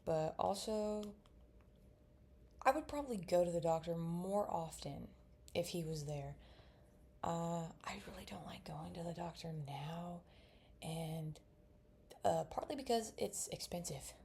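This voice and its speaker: A woman's voice: on the low side, measured pace, vocal fry, long pauses, dark tone, a little hiss or hum. A young woman in casual chat while drawing, rambling and mumbling to herself as she works. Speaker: vlogger.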